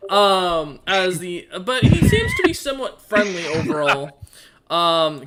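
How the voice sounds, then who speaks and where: A man narrating a tabletop game as game master in a casual, halting way, full of ums and uhs. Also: high voice, huge pitch swings, a loud crowd.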